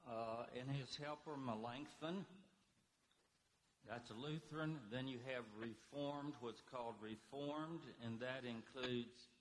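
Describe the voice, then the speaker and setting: A man giving an unscripted history lecture, halting often with fillers. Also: medium pitch, slight background noise, low-quality recording. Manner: halting, many fillers and pauses.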